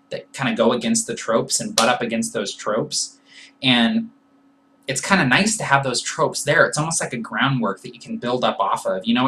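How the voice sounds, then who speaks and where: A man hosts a live question-and-answer session, working through each reply in a relaxed, conversational way. His voice is bright and forward, at an ordinary pitch for a man. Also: a little hiss or hum, rough recording. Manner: thinks aloud, loose and conversational. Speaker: host answering viewer questions. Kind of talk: casual live Q&A.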